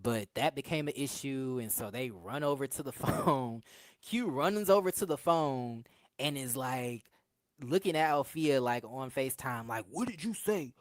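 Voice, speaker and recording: A woman's voice: extremely low pitch, measured pace, dry recording. A woman co-hosting a casual show review, talking through scenes with laughs and acted-out quotes. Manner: chatty, laughing, acts out quotes in asides. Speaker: podcast co-host reviewing a reality show. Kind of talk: casual recap chat.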